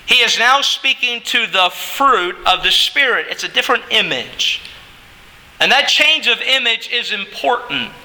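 A male pastor preaching slowly and deliberately, drawing out key words and swinging his pitch sharply up and down. His voice is high and very bright, and it rings with the long reverb of a hall. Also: lively intonation. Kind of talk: sermon.

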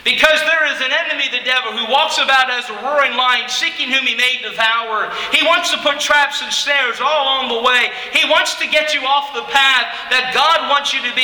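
A man pastor preaching an emphatic sermon that builds at times to shouting. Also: very high voice, in a large hall, low-quality recording.

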